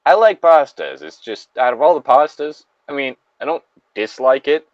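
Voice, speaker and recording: A man's voice: mid-range voice, sing-song, normal speed, no room sound, muffled recording. A man hosting a casual podcast chat, rambling and a little hesitant as he talks. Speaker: podcast host.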